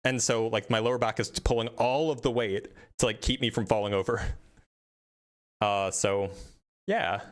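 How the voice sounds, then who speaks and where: A man hosting a live debate stream, talking casually and quickly, often restarting his sentences in a self-deprecating way. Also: fairly low pitch, fairly even intonation.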